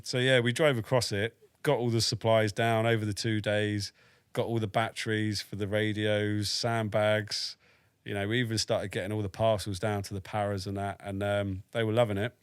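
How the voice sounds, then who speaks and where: An army veteran from the United Kingdom, around forty, tells a story as a guest in a podcast interview, speaking frankly and matter-of-factly with dry humour and swearing. His voice is fairly low and smooth, with no room sound.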